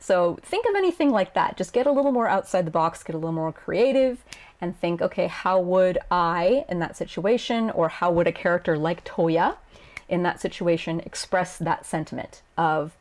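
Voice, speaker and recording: A chatty woman with a slightly low voice talks through translation choices in a relaxed video lesson. She laughs often and slips into playful voices for quoted lines. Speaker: Japanese game translator. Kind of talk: casual explanatory video lesson.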